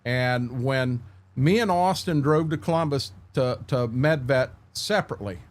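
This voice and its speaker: In a mid-range, unhurried voice, a middle-aged man chats casually on a livestream from his home. He spins rambling, candid stories with frequent restarts and responds to viewers by name.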